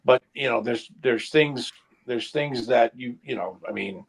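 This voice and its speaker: A middle-aged man on a casual podcast, speaking in halting bursts with many restarts. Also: mid-range voice, gravelly, slightly rough, rough recording. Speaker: podcast co-host, goalkeeper coach. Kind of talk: casual round-table chat.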